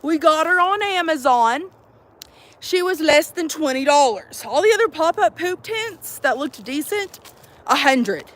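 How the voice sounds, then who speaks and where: A young woman vlogging to her phone outdoors at a campsite, chatting in an animated, profane, jokey way. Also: sits high, a little slow. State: out of breath. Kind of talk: casual chat to camera.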